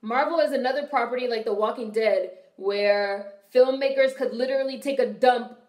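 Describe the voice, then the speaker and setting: A woman's voice: on the high side, brisk. A young woman from Washington, D.C., hosting a film reaction video, talking bluntly with profane wisecracks. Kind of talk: casual film reaction commentary. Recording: roomy echoey room.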